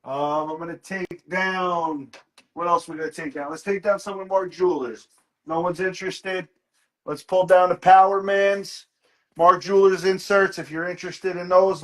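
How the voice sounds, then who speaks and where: A man with a slightly higher-than-average voice hosts a live online comic sale. He moves quickly through the stock, naming issues, grades and prices in a relaxed, offhand way. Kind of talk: live sales stream chat.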